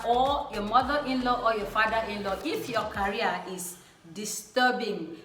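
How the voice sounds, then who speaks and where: Young woman, vlog host, slightly high voice, effusive and chatty, roomy echo, faint music behind. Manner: warm, effusive, repeats phrases for emphasis. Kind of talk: casual chat. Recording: echoey room with faint music.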